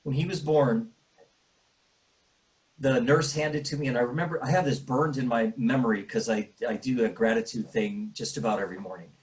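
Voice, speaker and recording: Halting, teary middle-aged man. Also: medium pitch, steady tone, poor audio. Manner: halting, full of fillers and restarts. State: tearful, choked up at times. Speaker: bereaved father. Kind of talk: emotional personal interview.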